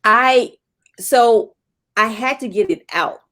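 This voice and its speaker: A woman's voice: on the high side, takes it slowly, a bit bright. A middle-aged woman telling a candid personal story as an interview guest, with many fillers.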